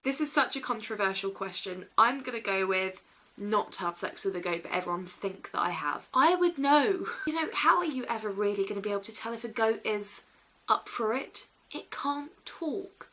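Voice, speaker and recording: A woman vlogging casually, playful and silly, swinging between dry asides and excited bursts. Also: medium pitch, moderate pace. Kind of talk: casual vlog chat.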